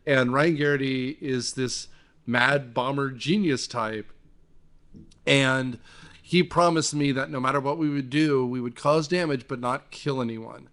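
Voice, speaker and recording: A man hosting a casual movie-review podcast, retelling the plot with lively, swearing energy. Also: mid-range voice, measured pace. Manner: animated, swearing, acts out scenes. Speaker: podcast host.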